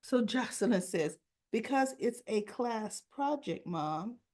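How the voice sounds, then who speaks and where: A woman's voice: fairly high pitch, animated, takes it slowly, darkish tone. A woman hosting a casual soap opera recap, chatting and acting out the characters' lines with asides.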